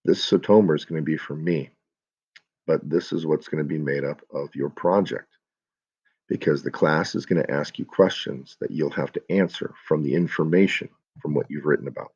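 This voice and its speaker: Male teacher, very low voice, explaining step by step, dull lo-fi sound. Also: moderate pace, a little mellow, breathy edge. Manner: step-by-step, explanatory, addresses students directly. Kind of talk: classroom project instructions.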